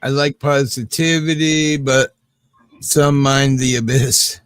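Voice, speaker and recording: A relaxed man hosts a rambling late-night livestream from his home. His voice sits at an everyday pitch and is recorded close and dry. He talks easily and unhurriedly with friends who have called in. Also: slow pace, smooth, no room sound. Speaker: channel host.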